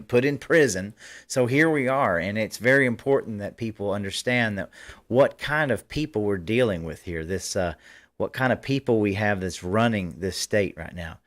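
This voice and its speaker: A man hosting a political commentary livestream, talking fervently in rambling bursts with frequent restarts. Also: on the low side. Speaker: host.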